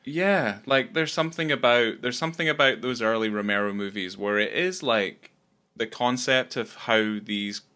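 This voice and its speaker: A man's voice: mid-range voice, normal speed, sharp tone, clear, resonant tone. A man co-hosting a podcast, talking casually and rambling about a film, swearing often. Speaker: podcast co-host.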